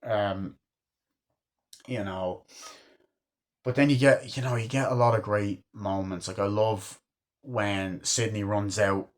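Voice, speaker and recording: A man's voice: fairly low pitch, fairly even intonation, takes it slowly, long pauses. A man in his twenties reviewing a movie in a casual, rambling way, full of filler words and casual cursing. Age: 20s.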